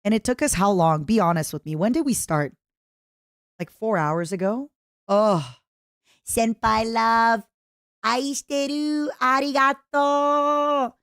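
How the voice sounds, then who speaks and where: A woman's voice: lowish voice, animated, normal speed, a little mellow, dry recording, clean studio sound. A young adult woman live-streaming as she reacts to a video, chatting casually and teasing her viewers, with Japanese words mixed in.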